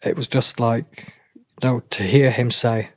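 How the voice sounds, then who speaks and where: A middle-aged man with a halting way of talking, often restarting and repeating himself as he tells a personal story in an interview. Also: mid-range voice, fairly even intonation, no echo, studio quality. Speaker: interview guest. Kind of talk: emotional personal account.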